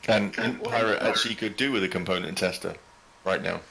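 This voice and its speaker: A man's voice: lowish voice, fairly quick, creaky, sharp tone, low-quality recording. A man in casual chat, making dry, teasing remarks.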